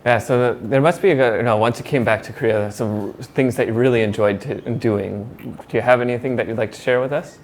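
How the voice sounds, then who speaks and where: A man hosts a casual interview at an ordinary middle pitch, nudging the conversation along with murmurs of agreement. He sounds encouraging and talkative. Light music plays quietly behind him. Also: fast, hardly any pauses. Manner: encouraging, frequent listening murmurs and laughs. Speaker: interview host.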